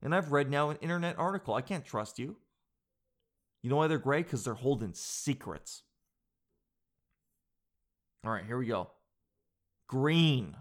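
A man vlogging casually, reacting to an internet article in a jokey, excitable way and calling the audience "dude". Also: mid-range voice, unhurried, pauses often. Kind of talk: casual chat reading an article aloud.

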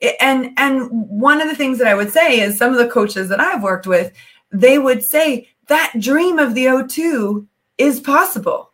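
A woman's voice: sits high, animated, unhurried. A woman hosting a podcast interview, talking with enthusiasm and rambling through many restarts. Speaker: podcast host. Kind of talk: casual interview chat.

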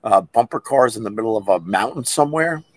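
A middle-aged man hosting a podcast, telling stories in a casual livestream chat and acting out whispered and loud impressions. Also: lowish voice, a little fast, a little hiss or hum. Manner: animated storyteller who acts out whispered and loud impressions. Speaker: podcast host.

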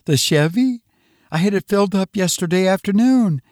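A man's voice: high-pitched, animated, normal speed, a little mellow, dry recording, studio quality, pitched above the performer's own voice. A man doing a frightened bewildered housewife. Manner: anxious, bewildered, rising questions. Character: frightened middle-aged housewife.

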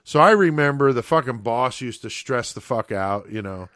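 A man casually telling a profane, animated story as a podcast host, checking in with "okay?" as he goes. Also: mid-range voice, moderate pace, no room sound, studio quality.

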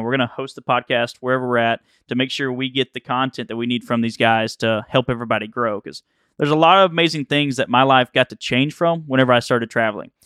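Young man, casual podcast co-host, rambling stories, laughs often, smooth clear voice, dry close sound. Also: mid-range voice, a bit bright, dry recording. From Alabama, US. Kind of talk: casual chat.

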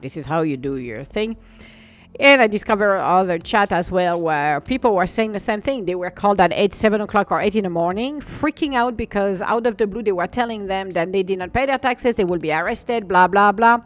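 A woman telling a story in a casual, exasperated rant. She uses mild curses and keeps saying "blah, blah, blah.". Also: medium pitch.

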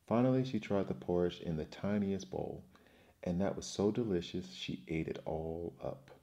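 Deep-voiced man reading a children's story. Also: moderate pace, mellow.

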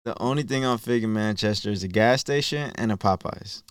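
A man's voice: lowish voice, a little fast, smooth, no echo, studio quality. A man co-hosting a podcast, talking in a slangy, emphatic, profane way. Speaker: podcast co-host. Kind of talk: casual podcast chat.

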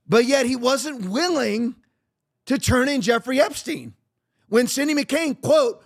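A high-voiced, middle-aged podcast host talks politics at an unhurried pace with lively intonation. His delivery is emphatic and repetitive, and he uses sarcasm to drive his arguments home.

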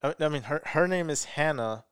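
A relaxed man from Mexico chats casually and laughs easily. His smooth voice moves lively up and down, and it sounds dry and close. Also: fairly high pitch, moderate pace, no echo. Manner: easygoing, laughs often. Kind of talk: casual chat.

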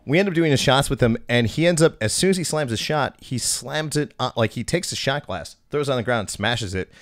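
Profane, animated young man telling stories. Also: medium pitch, brisk. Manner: profane, animated storyteller acting out quotes. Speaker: podcast host. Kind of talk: casual storytelling chat.

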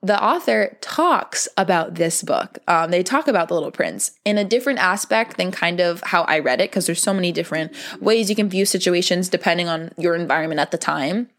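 A young adult woman hosting a podcast, talking in a gentle, earnest, casual way, full of "like" and calling her listeners "baby". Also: lowish voice, fairly quick. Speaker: podcast host. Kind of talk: casual heartfelt monologue.

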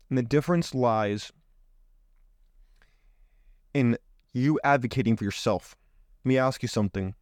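A man's voice: medium pitch, darkish tone, no echo, clean studio sound. Man firing off rhetorical questions. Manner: emphatic, fires rhetorical questions. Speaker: podcast host. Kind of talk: motivational monologue. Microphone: own microphone on camera.

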